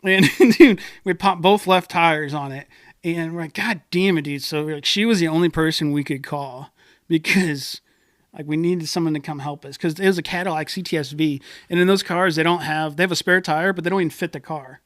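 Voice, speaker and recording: Speaking briskly in a slightly high voice, this young podcast co-host animatedly recounts a wild tale, cursing and mimicking the voices of those he quotes. It's clean studio sound from a podcast mic with no echo.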